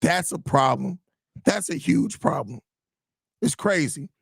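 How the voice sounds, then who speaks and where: A man's voice: a little high, animated, slow, vocal fry, husky. A man hosting a sports podcast, venting in a frustrated, profane rant full of repeated phrases while reacting to listener comments. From Chicago area. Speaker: podcast host. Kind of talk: live podcast reacting to chat.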